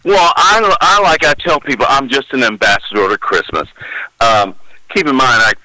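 A bright, forward-voiced older man with a drawl, spinning homespun stories as a professional Santa. The recording is dry and close, with little room sound. He talks in a folksy, rambling way, full of small restarts. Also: medium pitch, normal speed, no room sound, low-quality recording. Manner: folksy storyteller, acts out children's voices. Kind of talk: interview answers, anecdotes.

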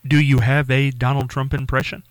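A man's voice: medium pitch, level tone, a little fast, no echo. A man interviewing a guest, asking questions in an easygoing, curious way.

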